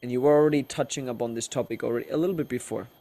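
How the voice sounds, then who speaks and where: A man's voice: mid-range voice, rapid-fire, dark tone. Earnest male podcast host. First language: German. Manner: earnest, searching, heavy use of filler words. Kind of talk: casual interview on a call.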